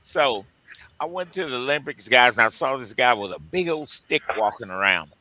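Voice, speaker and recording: A man's voice: mid-range voice, animated, normal speed, sharp tone, slight background noise. A man from co-hosting a radio talk show on recruiting, joking and laughing often in casual chat.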